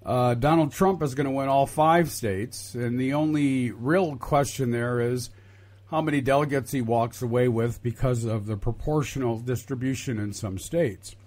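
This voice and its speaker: Male co-host, mid-pitched, deliberate and wry, halting delivery, casual political banter. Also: a little mellow. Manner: deliberate, wry, mock-exasperated, halting with many uhs.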